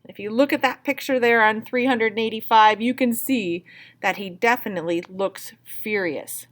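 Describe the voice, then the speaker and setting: A woman's voice: a little high, moderate pace. A woman teacher reading a picture book aloud and patiently explaining words step by step.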